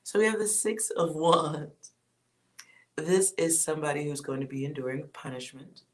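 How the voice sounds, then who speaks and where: Tarot reader, casual reading, blunt delivery, occasional swearing, mid-pitched, quiet sighing asides. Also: fairly even intonation, moderate pace.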